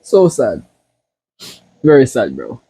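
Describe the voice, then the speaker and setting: Young Jamaican reaction host, warm mellow tone, openly emotional, casual. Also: male voice, medium pitch, huge pitch swings, slow pace, husky, no echo. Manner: emotional, keeps saying "bro".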